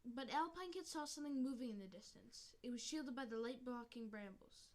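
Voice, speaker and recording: A woman's voice: a little high, a little fast, a little mellow. A woman reading an animal adventure story aloud in an unpolished way, restarting lines and adding chatty asides.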